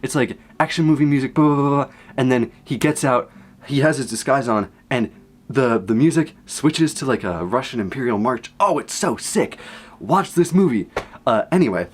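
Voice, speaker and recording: A young man casually recapping a movie from memory, rambling and excitable, jumping from low asides to high exclamations. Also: moderate pace. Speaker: content creator.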